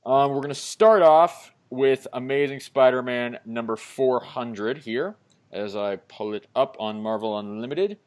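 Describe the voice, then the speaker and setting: A man's voice: medium pitch, unhurried, clean tone. A man co-hosting a comic review podcast, introducing the issue in a rambling, apologetic way with many ums. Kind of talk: casual podcast talk.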